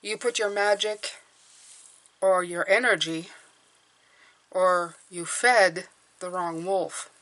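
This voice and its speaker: A woman's voice: lowish voice, fairly even intonation, takes it slowly, long pauses, fairly bright tone. A woman reading tarot cards for her viewers, talking earnestly and encouragingly, often checking in with "okay?". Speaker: tarot reader.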